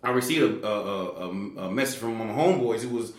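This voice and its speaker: Fast-talking animated male storyteller. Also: echoey room. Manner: animated, acts out quoted people with big pitch jumps; fillers and restarts, slangy. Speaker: guest telling his story. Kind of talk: casual conversational storytelling.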